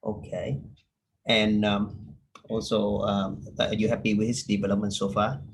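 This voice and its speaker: A man playing a doctor in a practice medical exam, asking polite questions haltingly with many fillers. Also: fairly low pitch, little pitch movement, a little hiss or hum, rough recording. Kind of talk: medical exam role-play.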